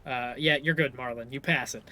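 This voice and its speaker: A man's voice: mid-range voice, fairly even intonation, brisk, pushed and bright, dry recording. A man narrating as game master of a live tabletop game, loose and full of fillers.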